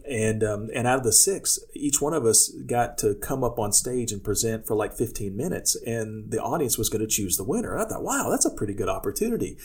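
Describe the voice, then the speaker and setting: A husky-voiced man who coaches public speaking talks casually for his podcast. He tells stories from his own career in a loose, rambling way, often restarting his sentences and acting out what people said. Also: on the low side, a little fast, hardly any pauses, darkish tone. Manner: tells personal anecdotes, acting out quoted speech.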